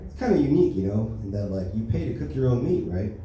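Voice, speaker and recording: At an open mic, a young male stand-up comic delivers deadpan one-liners full of filler words at a quick pace, his voice deep and mellow. The comedy club stage recording is echoey and roomy, with a distant mic and faint noise.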